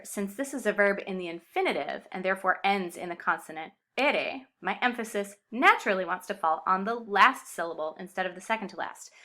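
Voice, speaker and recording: A woman's voice: medium pitch, sharp tone. A woman explaining Spanish grammar in a playful video lesson. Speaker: Spanish teacher.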